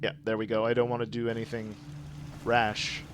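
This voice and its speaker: A young Canadian man streaming gameplay live, chatting excitedly with viewers and apologizing a lot. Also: fairly low pitch, normal speed, slight background noise.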